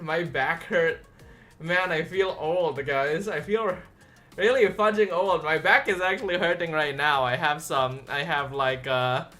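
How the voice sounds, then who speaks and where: A man's voice: fairly high pitch, bright, forceful tone. A young man chatting casually on his livestream, tired and rambling with lots of fillers and restarts. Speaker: streamer.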